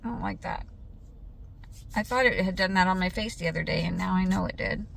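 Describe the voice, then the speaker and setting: A woman's voice: fairly low pitch, a little fast, creaky, fairly bright tone. A woman vlogging in a chatty storytelling way, laughing often and acting out what was said. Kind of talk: casual vlog chat.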